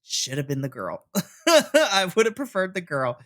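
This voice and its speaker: Bright-voiced podcaster recapping animatedly. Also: mid-range voice, a little slow. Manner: animated play-by-play recap, laughing often. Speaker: podcast co-host. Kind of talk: casual wrestling review chat.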